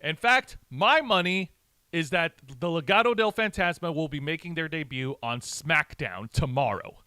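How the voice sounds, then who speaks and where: A man's voice: on the high side, animated, normal speed, sharp tone, smooth, no echo. A man co-hosting a live wrestling review show, talking bluntly and swearing in casual sarcastic chat. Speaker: podcast co-host.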